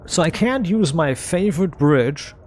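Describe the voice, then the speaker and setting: A man's voice: on the high side, lively intonation, measured pace, a little mellow, soft background music. A man streaming a game, ranting in exasperation, swearing a lot and stammering as he repeats himself. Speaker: gameplay streamer. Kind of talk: live gameplay commentary.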